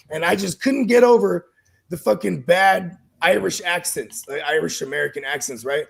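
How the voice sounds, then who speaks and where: Gravelly, husky man in loose banter. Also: on the high side, expressive, brisk. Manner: laid-back slangy banter, swears freely, laughs often. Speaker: podcast co-host. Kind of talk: casual chat.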